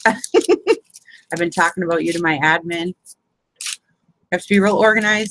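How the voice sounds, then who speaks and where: A woman's voice: medium pitch, slow, pauses often, fairly bright tone, no echo, low-quality recording. A woman hosting a casual live crafting hangout, chatting as she shows paper folds and greets viewers. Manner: chatty, fills with "you know what I mean". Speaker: crafting group host.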